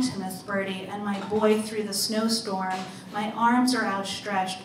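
A woman author reading her own story aloud in a measured, deliberate way. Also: medium pitch, little pitch movement, a little hiss or hum. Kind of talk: literary reading. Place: live reading event. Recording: roomy, distant mic, faint ambience.

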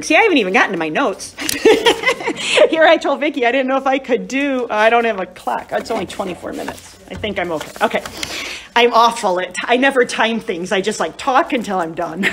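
A woman's voice: fairly high pitch, fairly bright tone, slight background noise. Woman chatting through a retreat talk. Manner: conversational, chatty storytelling with frequent "you know" and "right?". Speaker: retreat speaker. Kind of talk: live retreat talk to a group.

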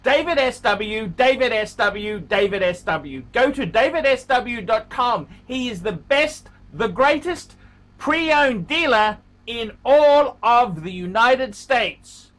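A middle-aged man doing a promotional shout-out for a sponsor, repeating the names over and over like a chant. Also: extremely high pitch, lively intonation, takes it slowly. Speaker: channel host doing sponsor shout-outs.

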